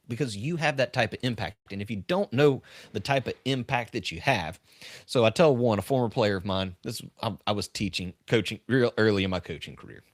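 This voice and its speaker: A man's voice: fairly low pitch, no echo, clean studio sound. A middle-aged man who coaches leaders, hosting a live-stream podcast. He speaks earnestly and emphatically, tells stories, and repeats his key points. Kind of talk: live-stream talk with storytelling.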